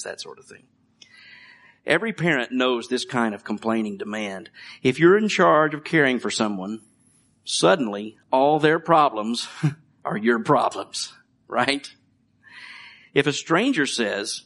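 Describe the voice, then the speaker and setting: This middle-aged pastor's sermon is chatty and lively, mixing scripture readings with jokes and laughs about his children. He speaks in a mid-range, fairly bright voice at a measured pace, leaving long pauses.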